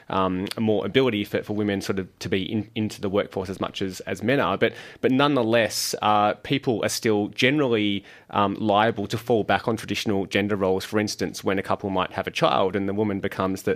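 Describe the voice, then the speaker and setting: A man hosting a radio interview, asking long questions in a halting way full of fillers. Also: fairly low pitch. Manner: halting, with many fillers and restarts. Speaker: radio host.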